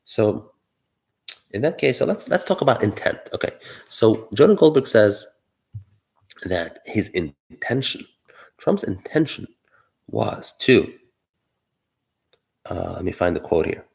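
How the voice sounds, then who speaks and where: A man's voice: lowish voice, big pitch swings, slow, vocal fry, pauses often, a little mellow. A man giving solo political commentary, arguing his point while thinking aloud, with many fillers and restarts.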